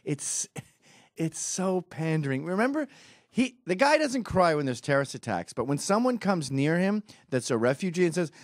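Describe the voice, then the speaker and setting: A man's voice: fairly high pitch, very animated, moderate pace, no echo, studio quality. A man from Britain giving a sarcastic, mocking comedic rant over a video clip. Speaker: commentator.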